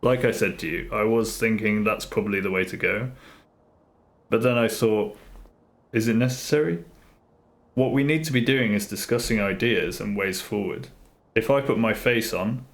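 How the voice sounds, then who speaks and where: Earnest rambling man, slightly low voice. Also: normal speed. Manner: earnest, rambling, repeats himself. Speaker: live streamer. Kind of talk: casual live-stream chat. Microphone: streaming mic, face off camera.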